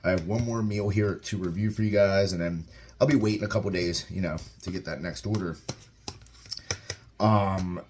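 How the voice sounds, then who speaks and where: A young man in his home kitchen, chatting casually and excitedly as he reviews a meal, rambling and tasting as he goes. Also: sits low, moderate pace, a little hiss or hum. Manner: upbeat, rambling, talks while eating. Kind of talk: casual vlog chat. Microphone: camera mic, propped-up phone without tripod.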